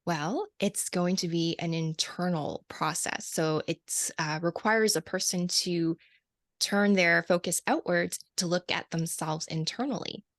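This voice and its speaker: Speaking unhurriedly in a fairly low voice with no echo, this light language channeler reflects on things as an interview guest. The conversation is casual, and she laughs frequently and often starts her sentences over.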